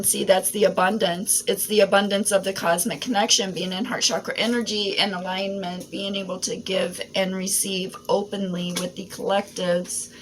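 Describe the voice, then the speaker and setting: A woman giving a casual spiritual tarot reading, rambling and often tagging her thoughts with "right?" and soft fillers. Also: medium pitch. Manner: rambling, frequent "right?" and "um" asides. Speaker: tarot reader. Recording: noisy home recording.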